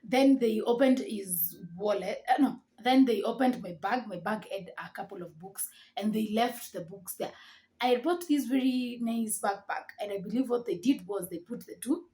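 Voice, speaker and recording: A woman with a Kenyan accent tells a personal story to camera, lively and acting out the dialogue. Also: mid-range voice. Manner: animated, acts out the dialogue. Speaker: vlogger.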